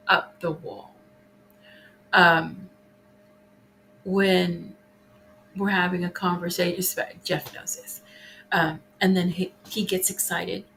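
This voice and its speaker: A woman in casual podcast conversation, reflective and quick to laugh, speaking in short halting bursts. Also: on the low side, fairly bright tone, a little hiss or hum, low-quality recording.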